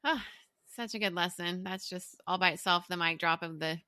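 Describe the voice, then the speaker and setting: A woman's voice: on the low side, moderate pace, a little hiss or hum. A woman hosting a podcast interview, offering supportive affirmations and asking thoughtful, careful questions. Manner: supportive, frequent soft affirmations. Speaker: podcast host. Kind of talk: interview host.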